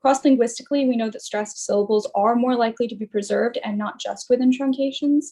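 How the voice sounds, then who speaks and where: A woman's voice: fairly high pitch, fairly quick, mellow. A young woman in her twenties giving a student research presentation, explaining carefully with many fillers and restarts. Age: young adult. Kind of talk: academic presentation.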